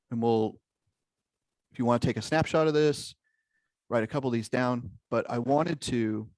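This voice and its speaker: Guy running a zoom workshop, middle pitch, keeps asking okay? right?, dry close sound. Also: gravelly, a little mellow, no echo. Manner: engaging, peppers talk with "okay?" and "right?". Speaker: workshop leader. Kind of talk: interactive online workshop.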